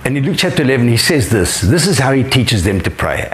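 Older pastor, lively emphatic delivery. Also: male voice, mid-range voice, fast, hardly any pauses, soft background music. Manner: emphatic, rising on key phrases. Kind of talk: sermon.

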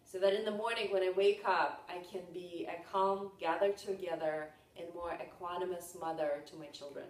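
Woman talking earnest n steady, echoey room, mic far off. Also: lowish voice, normal speed, hardly any pauses. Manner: steady, earnest, lists things calmly. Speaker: mother and yoga practitioner. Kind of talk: casual reflective talk. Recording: roomy, from a distance.

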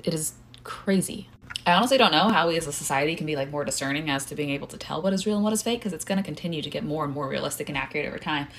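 A woman's voice: sits low, racing, fairly bright tone, slight background noise. A young woman content creator giving casual commentary, musing and rambling.

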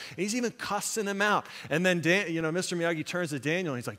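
A man preaching a sermon as pastor, telling a movie story with animated quoted lines before turning it into a spiritual point. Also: high voice, fast talker, hardly any pauses, big-room sound. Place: church sanctuary.

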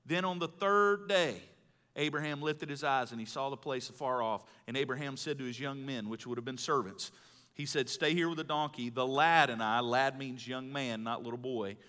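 Bright-voiced preacher in a reverberant hall. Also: male voice, medium pitch, moderate pace, clear, resonant tone. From Mississippi, US. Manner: folksy storytelling preacher, swings between loud and hushed. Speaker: pastor. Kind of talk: sermon. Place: large church hall. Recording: live hall with long reverb.

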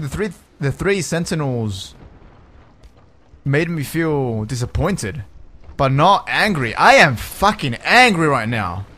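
A young man talks through his game session, his voice bright and forward. He takes his time with his words but lets his pitch jump around, dropping curses as he gets worked up. Casual Let's Play commentary. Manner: swings from calm to yelling in frustration; swears a lot. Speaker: gaming YouTuber.

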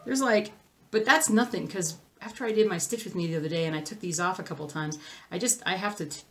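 A woman hosting her own crafting channel, talking casually and a little scattered to the camera. She wanders off topic and circles back. Her voice sits slightly low for a woman. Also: fast, a bit bright. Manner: rambling, easily sidetracked, chatty. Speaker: cross-stitch channel host.

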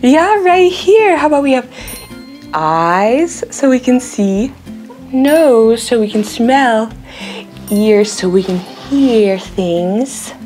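A woman hosting a toddler learning video, speaking in a slow, clear, sing-song way with exaggerated expression. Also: a little high, animated, a little mellow, soft background music. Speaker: children's video host. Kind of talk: toddler learning video with songs and pretend play.

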